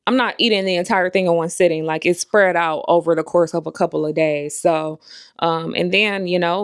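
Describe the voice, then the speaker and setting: Low, smooth-voiced woman vlogging. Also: dry recording, clean studio sound. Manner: candid, rambling, many fillers. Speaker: vlogger and life coach. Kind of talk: casual talking-to-camera vlog.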